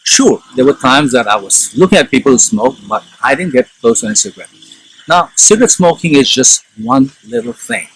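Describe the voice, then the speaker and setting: A man's voice: mid-range voice, a little fast, gravelly, husky, rough recording. A middle-aged man from India telling a personal story in a talk, acting out the dialogue. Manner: animated storyteller, acts out dialogue. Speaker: speaker.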